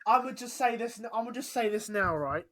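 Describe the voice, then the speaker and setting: Bright-voiced young man hosting. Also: high-pitched, expressive, a little fast. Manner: chatty, rambling, giggly, restarts a lot. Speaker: podcast host. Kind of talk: casual chat.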